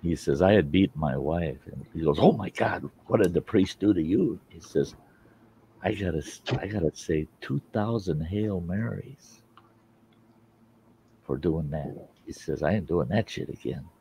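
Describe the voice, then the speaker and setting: A man's voice: sits low, a little slow, warm tone, a little hiss or hum, low-quality recording. A man hosting a casual livestream chat, telling a long joke in a folksy, plain-spoken way with some cursing. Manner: folksy, drawling storyteller with mild cursing. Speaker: host.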